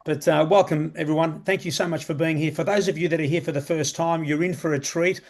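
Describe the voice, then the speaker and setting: A man's voice: on the high side, fairly even intonation, fairly quick, hardly any pauses, darkish tone. A man giving an enthusiastic, chatty live sales presentation, often repeating his words. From Australia. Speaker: online business presenter.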